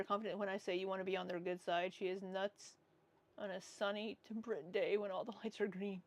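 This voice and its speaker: A woman's voice: mid-range voice, vocal fry. A woman hosting a casual reaction livestream, talking bluntly and sarcastically and swearing freely. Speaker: livestream commentary host.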